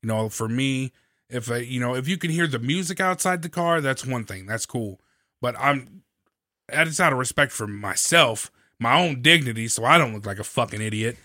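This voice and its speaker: Brief: man with a bright, forceful tone, blunt profane rant, dry close mic. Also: mid-range voice, animated, normal speed, no echo. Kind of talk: casual chat.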